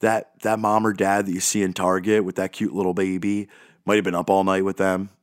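A man's voice: low-pitched, level tone, a little fast, dry recording, clean studio sound. A man hosting a podcast, talking in a rambling, self-deprecating, goofy way. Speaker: podcast host. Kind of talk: casual monologue.

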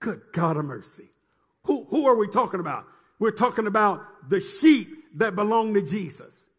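A man with a very high voice preaches in a rising and falling, chanting cadence. He repeats phrases and calls on the congregation to respond as he delivers a sermon. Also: animated, normal speed, slightly rough.

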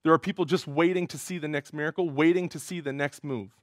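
A male pastor preaching a sermon in an earnest way, rising in pitch and force when he quotes cries. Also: fairly even intonation, quick pace, no echo, clean studio sound.

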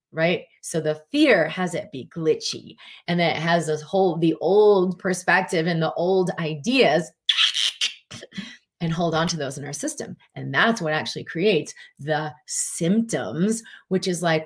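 A woman with a fairly low speaking voice gives casual spiritual coaching and answers viewer questions. She keeps slipping into quoted inner voices, jumping sharply higher for them, and alternates quick bursts with slow, stressed words. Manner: voices inner thoughts in quoted asides, often rising sharply in pitch. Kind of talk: casual teaching talk.

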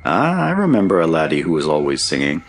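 A man reading an audiobook, voicing a stout, kindly older male mining engineer in a measured, courteous manner. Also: rumbling low, wildly swooping pitch, exaggerated voice. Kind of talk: audiobook character voice.

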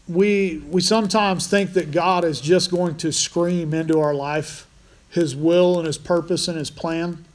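A man's voice: fairly high pitch, steady tone, unhurried. A man preaching a conversational sermon as pastor, restarting phrases often.

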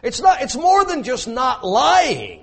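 A man's voice: extremely high pitch, wildly swooping pitch, slow, creaky, a bit bright, breathy edge. A man preaching a sermon, emphatic and repetitive, with joking asides to his congregation.

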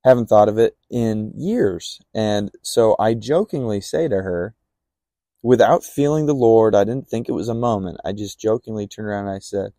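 A young man tells a personal story in a relaxed, rambling way, full of fillers and acted-out bits of dialogue. His voice sits a little low, with a gravelly edge and a mellow, dark tone. The sound is dry and close. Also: moderate pace, dry recording. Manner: rambling, acts out remembered dialogue with many fillers. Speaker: podcast guest telling a testimony. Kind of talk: casual storytelling.

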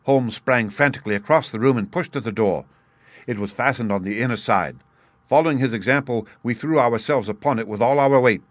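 A man's voice: medium pitch, no echo. Man narrating a classic detective audiobook. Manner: measured, even storytelling. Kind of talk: scripted narration.

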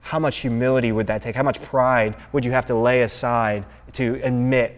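A man's voice: mid-range voice, fairly even intonation, moderate pace, hardly any pauses. Conversational young man preaching in a hall. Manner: conversational, asks the room for agreement. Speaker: college ministry teacher. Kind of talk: sermon to college students. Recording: long reverb in a hall.

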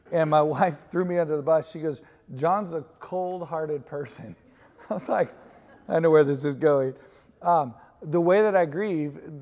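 A man speaks from the stage of a large church, the long reverb of the sanctuary trailing his words. He is a pastor telling frank personal stories in a relaxed, conversational way. His voice sits a bit high and has a gravelly edge. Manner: candid storytelling with laughs, asks co-host questions. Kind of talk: conversational sermon talk.

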